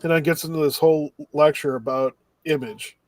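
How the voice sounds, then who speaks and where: A man with a somewhat high voice talks through the plot in a relaxed, rambling way, slipping into the characters' lines as he goes. The sound is dry and close, with no room echo. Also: a little fast. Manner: rambling recap with acted-out quotes. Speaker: podcast co-host. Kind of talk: casual chat recapping an anime.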